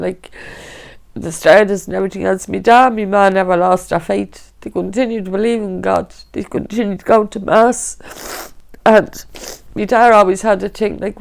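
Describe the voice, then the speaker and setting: A middle-aged woman from Dublin, Ireland, with a Dublin accent, gives a personal testimony in an interview as a fire survivor. She tells her story vividly, acting out others' voices and often saying "right?", in a creaky, medium-pitched voice.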